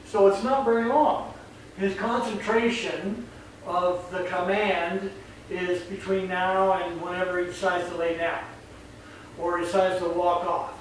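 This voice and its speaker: A man working as a dog trainer, explaining in a chatty, rambling way and acting out voices. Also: high-pitched. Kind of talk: casual explanation on camera. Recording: very echoey, distant mic, faint noise.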